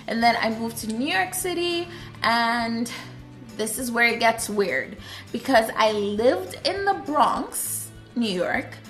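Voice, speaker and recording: A woman from Trinidad and Tobago chatting casually to her viewers in a vlog, animated and lively. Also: a little high. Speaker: YouTuber. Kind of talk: casual vlog chat to camera.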